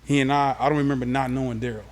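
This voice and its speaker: Man from los angeles, interview guest, casual streetwise storytelling, mid-pitched voice. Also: steady tone, very fast.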